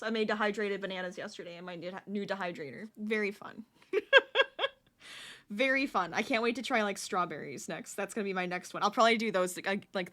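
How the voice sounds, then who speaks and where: A woman's voice: mid-range voice, bright, forceful tone. A woman streaming live while she crochets, chatting and laughing with her viewers and counting stitches under her breath.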